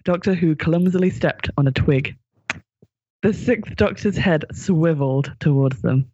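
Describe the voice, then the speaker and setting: A man's voice: fairly high pitch, no room sound, highs cut off. A man reading out a gory comic fan story, giggling now and then and putting on voices.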